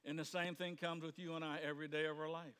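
Bright-voiced preacher in an echoing hall. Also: male voice, fairly high pitch, little pitch movement, fast, smooth. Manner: conversational, plays out quoted voices, rises to sudden shouts. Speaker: pastor. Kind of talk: sermon. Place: church sanctuary.

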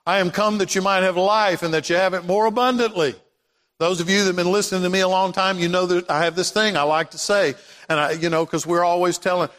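A man preaching a sermon as pastor, swinging from loud declarations to hushed passages. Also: high-pitched, steady tone, fast, big-room sound. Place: church sanctuary.

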